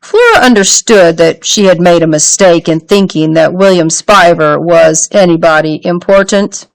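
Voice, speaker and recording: A woman's voice: lowish voice, normal speed, creaky, poor audio. A woman reading a children's novel aloud chapter by chapter, telling the story expressively and without hurry. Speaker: storybook reader.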